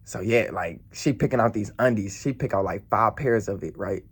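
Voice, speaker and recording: A man's voice: fairly low pitch, normal speed, slightly rough. A man telling a story to camera in a blunt, profane, rambling way. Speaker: vlogger. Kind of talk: casual storytelling.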